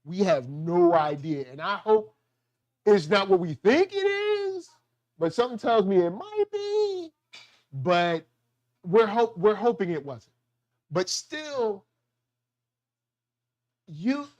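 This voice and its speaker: Slangy man riffing on a TV show. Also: sits high. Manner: slangy, animated, acts out quotes in voices. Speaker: show host. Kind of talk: casual TV review chat.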